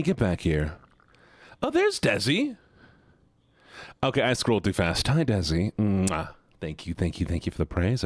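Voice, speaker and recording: A man's voice: fairly low pitch, dry recording, clean studio sound. A male streamer in casual livestream chat, playfully greeting viewers one by one and teasing them.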